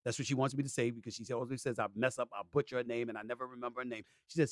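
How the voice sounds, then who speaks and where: A middle-aged man hosting a sports talk show, talking emphatically and repeating himself, with sudden loud, excited outbursts. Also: medium pitch, fast, no echo, clean studio sound. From New York City. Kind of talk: casual monologue.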